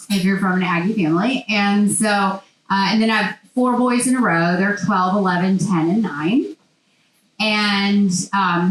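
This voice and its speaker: A woman, giving a chatty, animated speech as a guest speaker with many fillers. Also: mid-range voice, slight background noise. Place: large hall. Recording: echoey hall sound.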